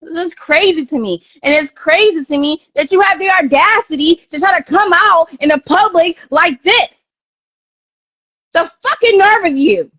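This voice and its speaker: A woman's voice: extremely high pitch, normal speed, fairly bright tone, dry recording, rough recording. A woman live-streaming a heated rant, confrontational and profane, hammering her points by repeating them.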